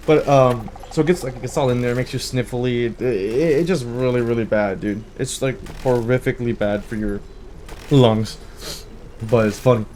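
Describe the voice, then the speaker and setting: Casting: young male gaming host, mid-pitched, rambling animated storyteller, faint hiss behind. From United States. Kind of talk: casual let's-play chat with war stories.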